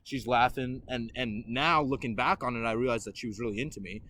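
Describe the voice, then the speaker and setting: A man's voice: mid-range voice, brisk, pushed and bright. A young man hosting a podcast, telling a story casually and laughing as he acts out quotes. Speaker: podcast host.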